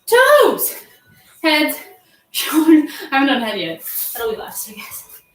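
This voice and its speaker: A woman's voice: high voice, huge pitch swings, takes it slowly, fairly bright tone. A woman fitness instructor leading a livestream workout, counting reps aloud and giving playful, encouraging cues. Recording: echoey room, voice far from mic. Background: faint workout music.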